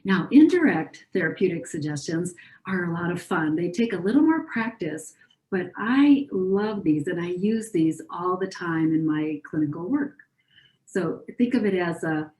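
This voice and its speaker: A woman clinician teaches in an even, reassuring way, acting out the gentle phrases she uses with young patients. Her voice is mellow and sits a little low. The room around her is echoey. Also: moderate pace. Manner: calm, reassuring, models soothing phrases. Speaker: pediatric clinician presenter. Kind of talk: educational talk.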